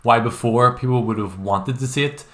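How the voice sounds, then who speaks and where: A man's voice: medium pitch, moderate pace, a bit bright. A man hosting a casual podcast chat, rambling and restarting his thoughts. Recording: roomy echo.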